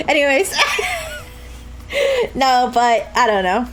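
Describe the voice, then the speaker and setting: A young woman streamer talks over a game in a high voice that climbs and dives all over. She jokes crudely with her viewers, laughs often and slips into mock sobbing. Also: expressive, moderate pace, a bit bright, low-quality recording. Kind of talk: live-stream gameplay commentary.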